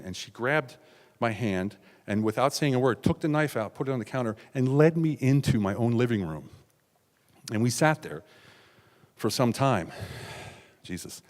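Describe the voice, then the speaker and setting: A middle-aged man from the United States telling a raw, confessional personal story on stage, with sudden loud outbursts and hushed asides. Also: on the low side, lively intonation, fairly quick, long pauses. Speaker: keynote speaker. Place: large hall on stage. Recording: stage talk with long hall reverb.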